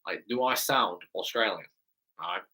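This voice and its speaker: An English man hosting a live stream Q&A as a fitness coach, with a slightly low voice that still sounds bright and forceful. He chats enthusiastically and keeps checking in with "right?" as he goes. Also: expressive, normal speed.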